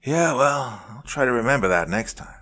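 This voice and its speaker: A man voicing a calm, cold female investigator who talks in a plain, conversational tone. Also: medium pitch, moderate pace, pitched above the performer's own voice. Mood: wry.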